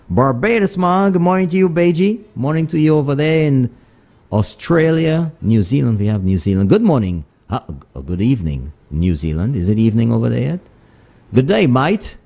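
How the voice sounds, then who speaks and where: A man's voice: fairly low pitch, warm tone. A man hosting a call-in radio talk show, greeting listeners in many places and signing off. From Saint Lucia.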